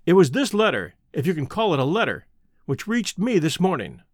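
A man's voice: fairly high pitch, sing-song, brisk, dry recording. A man voicing a blunt, plainspoken young baronet who exclaims freely, in a dry close recording.

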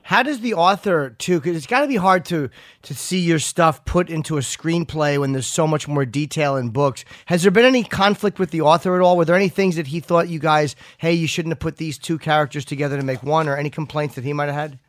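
Male radio host, slightly high voice, dry close-miked studio, joking and self-deprecating. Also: fairly quick, dry recording. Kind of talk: casual radio chat.

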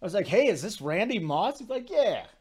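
Man, sports talk host, forties, rambling storyteller, slightly high voice. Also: fairly quick, breathy edge. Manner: rambling, animated storytelling with asides. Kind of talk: casual sports talk monologue.

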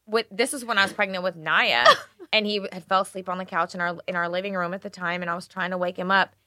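A woman co-host telling animated, profanity-laced stories in a casual chat. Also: fairly low pitch, quick pace.

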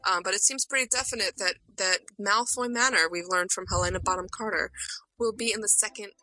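A woman hosting a casual fan podcast, briskly reading out news and quotes. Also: medium pitch, sharp tone, a little hiss or hum, poor audio.

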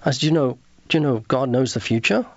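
A man's voice: mid-range voice, expressive, fast, dry recording, lo-fi sound. A man, an evangelist and author, telling stories of his street conversations and acting out the dialogue as he goes. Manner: earnest, retells street conversations with quoted dialogue, repeats words. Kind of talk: interview storytelling.

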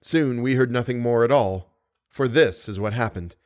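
A man reading a classic novel aloud in a measured, dramatic narration. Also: mid-range voice, a little mellow. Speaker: audiobook narrator. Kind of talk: scripted narration.

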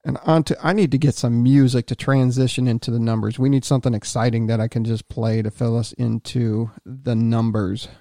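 A man's voice: medium pitch, fairly even intonation, fairly quick, hardly any pauses, warm tone, no echo. Rambling male podcast host, dry sound. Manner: rambling, with fillers and restarts. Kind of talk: casual podcast chat.

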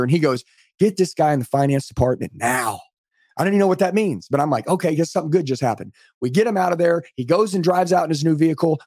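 A man's voice: fairly high pitch, darkish tone, dry recording, studio quality. A middle-aged man telling his story as a podcast guest on a call, emphatic and motivational. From United States. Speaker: podcast guest, sales trainer. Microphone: remote call.

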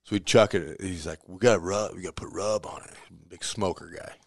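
Deep-voiced man telling kitchen stories. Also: brisk, no echo, studio quality. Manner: animated storyteller who acts out quoted voices, laughs often. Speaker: pizzeria owner. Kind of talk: casual storytelling interview.

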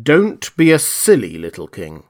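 A man's voice: mid-range voice, wildly swooping pitch, a little slow, darkish tone. A prim, disapproving court chancellor from a storybook, voiced by a man reading aloud. He speaks formally and stiffly. His tone leans toward scolding.

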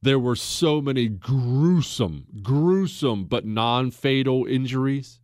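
An American man hosting a casual history talk, folksy and emphatic, with his pitch and pace swinging widely as he makes a point. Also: slow, darkish tone, dry recording, clean studio sound. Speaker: podcast host.

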